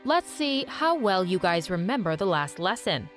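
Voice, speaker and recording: A woman voicing a brisk schoolteacher quizzing her class, in storybook narration. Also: mid-range voice, sing-song, lightly acted. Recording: music underneath.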